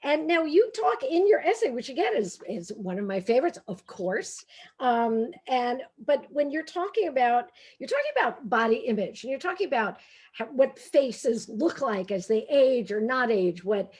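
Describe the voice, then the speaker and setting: A woman with a brassy Brooklyn accent hosting a bookstore author conversation, animated and self-deprecating, laughing often. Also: high-pitched, normal speed, slightly rough. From Brooklyn, New York. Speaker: host and editor.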